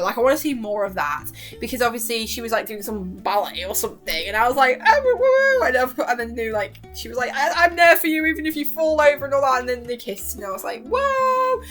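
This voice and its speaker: Gushing young woman. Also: a little high. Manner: animated, gushing, acts out quotes with laughs. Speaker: YouTuber reviewing a TV series. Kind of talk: excited casual chat.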